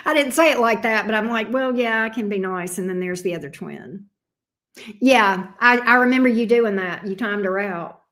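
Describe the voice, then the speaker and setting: With a medium-pitched, slightly bright voice at a moderate pace, a middle-aged woman hosts her livestream as a tarot reader. She chats casually with viewers, reading their comments, and is blunt, sassy and freely profane.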